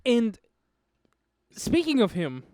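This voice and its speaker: A man's voice: very high voice, wildly swooping pitch, slow, darkish tone, no room sound. A young American man with a General American accent, co-hosting a casual film podcast, emphatic and opinionated, often restarting his sentences. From United States. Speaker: podcast co-host.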